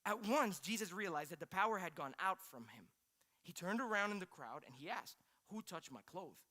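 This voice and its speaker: A male pastor preaching a sermon in a conversational, questioning style, moving between quiet storytelling and louder emphatic points. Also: high voice, expressive, a little fast.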